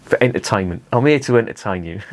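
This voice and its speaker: A man rants through a beer review, swearing freely and tripping over his restarts. His voice sits low, and the close recording is dry with no room sound. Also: normal speed, dry recording. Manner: sweary, exasperated ranting with restarts. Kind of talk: ranting review vlog.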